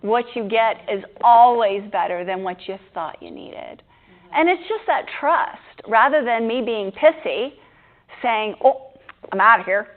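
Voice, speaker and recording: A woman yoga teacher chatting in a group discussion, lively and laughing, acting out her own inner voice. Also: a little high, measured pace. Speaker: yoga teacher hosting a teacher training. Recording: tinny phone-like sound.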